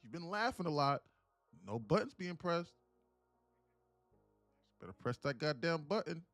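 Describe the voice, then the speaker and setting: A man voicing a frantic, broke male viewer who demands trades in a high, whiny yell. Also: very animated, measured pace, no room sound, soft background music, full character voice. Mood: whiny demanding. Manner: whiny, yelling, high-pitched.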